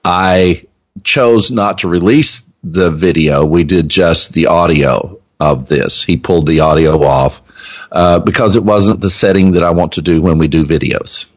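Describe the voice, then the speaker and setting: A man hosting a religious podcast, talking in a halting, casual way with many ums and uhs as he explains things. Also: low voice. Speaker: podcast host and teacher. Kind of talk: casual chat.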